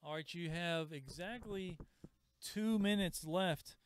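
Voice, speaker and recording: Chatty man with a smooth, higher voice. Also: takes it slowly. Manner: chatty, reads out viewer comments and prices. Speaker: comic shop host selling live. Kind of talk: live-stream sales chat. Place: comic and games shop.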